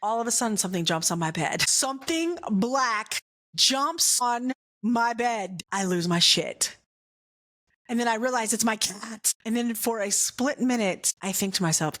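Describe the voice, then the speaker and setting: Lady telling a story on her podcast, super chatty, lots of "like" and "right?", gets quiet for the spooky bits. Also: fairly high pitch, a little slow. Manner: chatty, animated, filler-heavy with frequent "right?" and "like"; drops to a hushed voice when retelling scary moments. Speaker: podcast host. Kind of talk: casual faith storytelling monologue.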